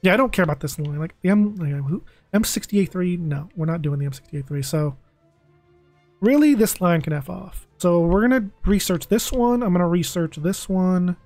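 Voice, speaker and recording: A young man streaming a video game, talking casually and excitably, pleading with the game and groaning dramatically over a loss. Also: sits high, moderate pace, no echo, soft background music. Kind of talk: casual live-stream commentary.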